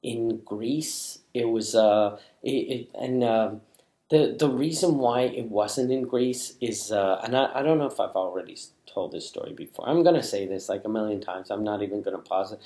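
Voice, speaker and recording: A man's voice: on the low side, normal speed, mellow. A man with a French Canadian accent, a comedian telling a long story in a casual way, full of swearing, fillers and restarts. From Quebec, Canada. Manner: rambling, profane, many restarts and fillers. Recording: roomy echo.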